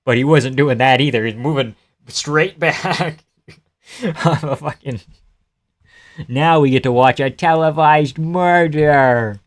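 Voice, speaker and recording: A man's voice: a little high, takes it slowly. A young man hosting a live fight reaction stream, reading chat aloud, swearing and laughing often as he jokes. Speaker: livestream host.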